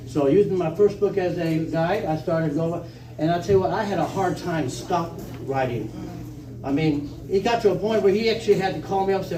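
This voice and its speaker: A man's voice: a little high, a little fast. A man telling folksy stories to a live conference audience, chuckling and acting out phone calls. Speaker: conference speaker. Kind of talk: storytelling talk to a live audience. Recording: echoey room, far from mic, faint noise.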